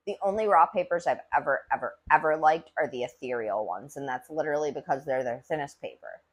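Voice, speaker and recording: Chatty woman, lively pitch swings. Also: fast talker, slightly rough. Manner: rambling, chatty, frequent "like"; swears casually. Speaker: podcast host reviewing cannabis. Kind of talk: casual solo chat.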